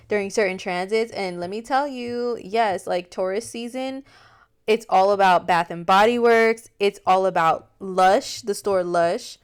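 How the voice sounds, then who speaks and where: A woman holds forth in a loose, slangy monologue as an astrology host. Her voice is smooth and clear, at a middle pitch for a woman. She swears and laughs freely as she talks. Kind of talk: casual monologue.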